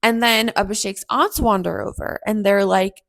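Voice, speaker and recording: A woman's voice: mid-range voice, fairly even intonation, normal speed, creaky, hardly any pauses, a bit bright, no room sound. A woman in her thirties hosting a podcast, chatting reflectively through a personal story and acting out the people in it. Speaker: podcast host.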